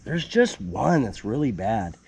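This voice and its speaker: A man's voice: on the low side, sing-song, measured pace, creaky, darkish tone, slight background noise. A man casually explaining construction work at his building site, joking around as he goes. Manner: playful, joking, calls viewer "baby cakes". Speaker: homesteader building his house.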